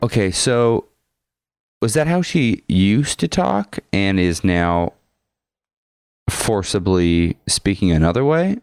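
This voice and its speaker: A man co-hosting a casual podcast discussion, asking measured questions. His voice is very low and smooth. The sound is dry and close. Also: big pitch swings, darkish tone, no echo, faint music behind. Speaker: podcast co-host.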